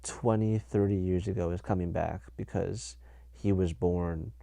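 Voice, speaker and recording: A man's voice: low-pitched, steady tone, unhurried, gravelly, warm tone, no echo. A young man hosting a casual solo podcast, rambling and correcting himself as he talks. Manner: rambling, self-correcting, laughs at his own jokes. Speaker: podcast host.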